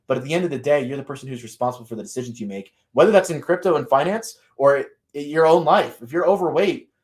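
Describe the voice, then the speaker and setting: A man's voice: a little high, expressive, fast. A man who makes crypto videos, speaking in a live panel discussion. He argues his point with emphatic rhetorical questions. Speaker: crypto content creator.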